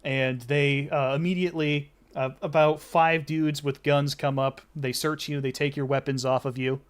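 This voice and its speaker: A man narrating as game master of a tabletop game, relaxed, with many fillers and restarts. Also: on the high side, normal speed, smooth.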